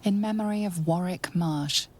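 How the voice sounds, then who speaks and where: A woman voicing a dry game narrator who reads grave inscriptions in a deadpan, unimpressed way. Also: fairly low pitch, moderate pace, natural voice. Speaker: game narrator reading tombstones.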